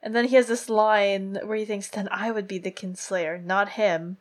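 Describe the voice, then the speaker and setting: A woman's voice: medium pitch, steady tone, normal speed. A woman co-hosting a podcast, talking casually and playfully about a book series with many fillers. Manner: chatty, lots of "like", playful. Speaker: podcast co-host.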